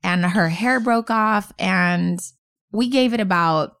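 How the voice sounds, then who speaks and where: A woman's voice: mid-range voice, slow pace, smooth. A woman in her thirties co-hosting a casual chat, telling family holiday stories and acting out the quotes. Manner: animated storyteller who acts out quotes. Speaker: podcast co-host.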